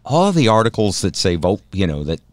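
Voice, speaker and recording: A man's voice: deep voice, sing-song, a little fast, no room sound. A middle-aged man hosting a talk radio show, reading news items with wry jokes. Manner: wry, joking, reads news items aloud. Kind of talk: casual talk radio banter.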